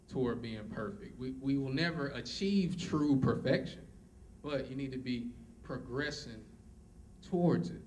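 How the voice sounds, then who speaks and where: A man giving a motivational talk to college students, telling stories in a lively way and acting out both sides of conversations. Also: medium pitch, slight background noise. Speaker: motivational speaker. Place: college auditorium. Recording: echoey hall recorded from far off.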